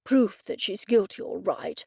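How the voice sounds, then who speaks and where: A stubborn old gentleman speaks with fussy, indignant formality, as a woman narrator puts him on. The voice has a gravelly grain. It sits close and dry. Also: medium pitch, expressive, measured pace, no room sound, heavily acted. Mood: suspicious. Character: elderly gentleman, pompous and stubborn.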